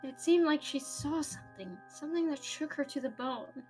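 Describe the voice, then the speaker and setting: A woman reading aloud the lines of a shaken young man who is trying to stay calm, voicing him in earnest. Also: high-pitched, moderate pace, faint music behind, lightly acted. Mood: resolute. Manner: reads game text aloud, earnest and stunned.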